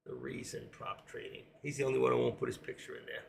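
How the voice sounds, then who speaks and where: A man's voice: mid-range voice, little pitch movement, fast, creaky, a little hiss or hum. A middle-aged man with a New York accent, chatting casually on his trading live stream and reading viewer comments aloud.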